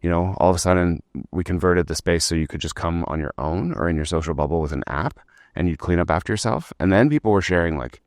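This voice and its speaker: A low-voiced man talks fast as a podcast guest, recounting his startup story in a rambling, casual way. He peppers it with "like" and the occasional swear word, and the studio sound is clean with no echo.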